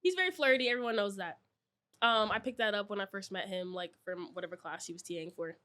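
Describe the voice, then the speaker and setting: A woman's voice: mid-range voice, fast. A woman in her twenties from New York, chatting casually and telling a story full of fillers. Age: 20s. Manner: chatty, many fillers, animated retelling.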